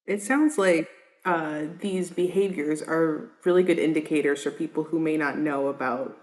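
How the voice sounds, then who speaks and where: Low-voiced woman podcast host. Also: moderate pace, darkish tone. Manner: tentative, lots of "like" and "uh". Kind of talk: conversational podcast interview.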